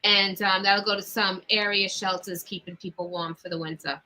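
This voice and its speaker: A woman's voice: medium pitch, fairly even intonation, moderate pace, pushed and bright, poor audio. A woman with a Long Island accent, co-hosting a talk show in a brash, teasing way. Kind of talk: casual chat.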